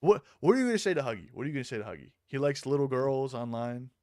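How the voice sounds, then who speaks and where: A man hosting a casual live-stream commentary, excitable and mocking, swearing freely. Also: medium pitch, very fast, no echo, studio quality.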